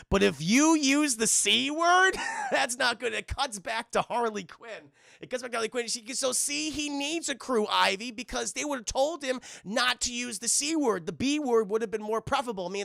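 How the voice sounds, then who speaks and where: A man's voice: sits high, vocal fry, bright, forceful tone, no echo, studio quality. A man streaming live, casually recapping a cartoon episode scene by scene, swearing freely and acting out the characters' lines. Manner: profane, rambling, acts out characters' lines.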